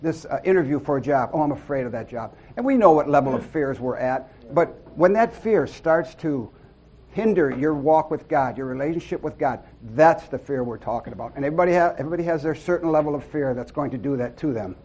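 A middle-aged man giving an informal sermon to a small church group, earnest and folksy, with loud whoops and amens. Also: a little high, fairly quick, muffled recording. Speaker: lay preacher.

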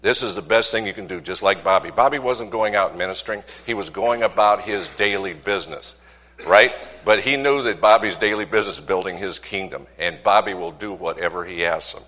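Brief: low, bright male pastor, emphatic rhetorical preaching, reverberant hall. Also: brisk. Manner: rhetorical questions, emphatic repetition. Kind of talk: sermon with congregation.

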